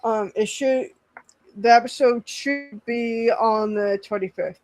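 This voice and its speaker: A woman co-hosting a casual stream chat, talking haltingly with many fillers. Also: fairly high pitch, a little mellow, slight background noise, low-quality recording.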